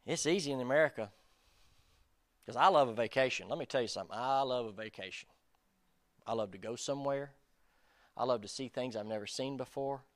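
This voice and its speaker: Male preacher, conversational and self-deprecating, mid-pitched voice, dry close recording. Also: brisk, pauses often, dry recording. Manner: casual, self-deprecating, addresses listeners as guys. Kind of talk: conversational sermon.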